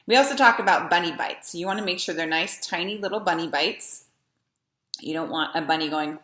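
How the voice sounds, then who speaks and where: A woman teaching young string players, her voice sitting low but sounding bright and forceful. She chants rhythmic beginner drills with patience. The room around her rings with echo. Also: a little fast. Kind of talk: demonstrating posture games for young learners.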